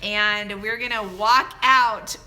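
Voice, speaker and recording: A woman's voice: mid-range voice, steady tone, slow pace, bright, forceful tone. A woman, a mother hosting a family livestream Q&A, chatting in a giggly way with lots of hesitant fillers. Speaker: mother and channel host.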